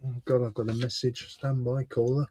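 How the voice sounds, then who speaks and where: A man on a livestream panel who works through the steps of a model kit out loud and chats along. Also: medium pitch, little pitch movement, fairly quick. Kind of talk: casual chat on a livestream.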